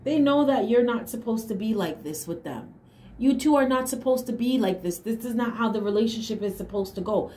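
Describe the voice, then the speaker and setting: Higher-pitched woman giving a tarot reading. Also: expressive, fairly quick, dark tone. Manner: emphatic, affirming asides, hums and laughs. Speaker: tarot reader. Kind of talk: casual tarot reading to camera. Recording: echoey room with faint hiss.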